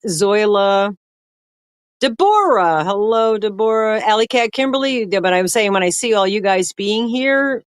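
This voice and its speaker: A woman's voice: mid-range voice, clean tone, no room sound. Older woman, livestream host, rambling and friendly-chatty, dry close sound. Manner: chatty, greets viewers by name, rambling. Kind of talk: casual livestream chat.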